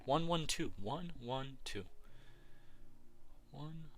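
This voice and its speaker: Bright-voiced man chatting on a gaming stream. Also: fairly high pitch, lively intonation, extremely slow, slight background noise. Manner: rambling, answering chat messages as they come. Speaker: livestream host. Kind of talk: casual gaming livestream chat.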